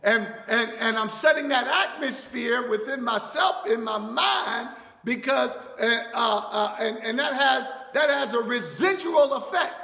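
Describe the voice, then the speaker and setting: A man preaching a sermon as pastor, repeating phrases and restarting words, now and then rising into shouts. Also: very high-pitched, a little slow, vocal fry. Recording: echoey hall reverb.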